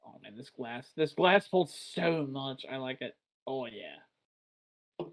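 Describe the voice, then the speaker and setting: Brief: male beer podcast host from Texas, rambling casual chatter, mid pitch, loose swearing. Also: animated, takes it slowly, pauses often. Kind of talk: casual chat.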